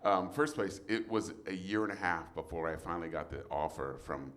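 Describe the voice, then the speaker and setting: A man, a voice actor, guesting on a live variety show interview and telling animated stories with frequent laughter. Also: sits low, a little fast. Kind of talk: casual interview storytelling. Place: outdoor live show at an RV park.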